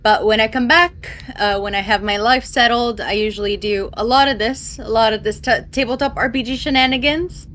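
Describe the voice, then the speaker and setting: A woman's voice: on the high side, brisk, few pauses, a bit bright, slight background noise. A woman tabletop player and streamer, chatting casually and rambling with lots of fillers over an online call mic. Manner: rambling, full of "um" and "like". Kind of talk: casual chat about her character.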